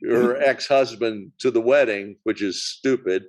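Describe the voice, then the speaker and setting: Speaking at a measured pace in a medium-pitched voice, a male podcast co-host talks casually about old films, with many fillers and restarts.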